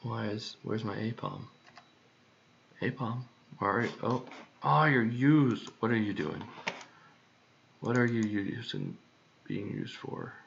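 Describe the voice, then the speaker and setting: A man's voice: fairly low pitch, big pitch swings, takes it slowly, creaky, long pauses, slight background noise. A man thinking aloud while he works, muttering to himself and repeating words over and over. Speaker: creator working on a song. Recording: dull lo-fi recording.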